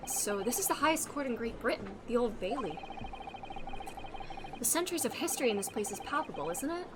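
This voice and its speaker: A woman reading game lines aloud as a calm, formal young woman companion, in a soft, measured, solemn manner. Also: fairly high pitch, very noisy.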